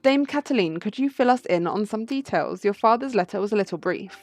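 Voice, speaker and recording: A woman's voice: medium pitch, expressive, fairly quick, dry recording, faint music behind, close to an everyday voice. A woman reading lines for an earnest bird lawyer in a video game, formal and courteous.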